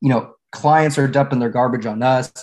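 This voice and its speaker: A man's voice: mid-range voice, normal speed. Laughing middle-aged male storyteller. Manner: relaxed storyteller, laughs and repeats words. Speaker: guest, former law firm managing partner. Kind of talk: storytelling in a podcast interview.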